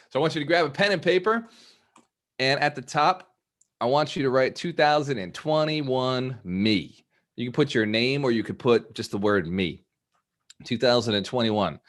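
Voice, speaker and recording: Casting: upbeat male mentor hosting a live video call, coaching his group with drive. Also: mid-range voice. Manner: energetic, motivational, laughs often. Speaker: host and business mentor.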